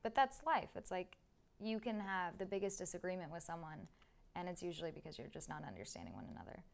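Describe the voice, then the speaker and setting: A woman's voice: fairly low pitch, expressive, quick pace, gravelly. A woman in her twenties, a podcast guest, chatting casually with many "like"s and "um"s. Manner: chatty, lots of "like" and "um". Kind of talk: casual interview chat.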